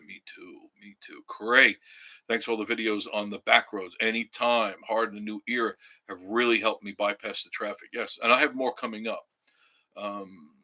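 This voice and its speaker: A man's voice: on the low side, sharp tone. A man hosting a casual live stream, rambling and reading viewer comments aloud. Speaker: livestream host.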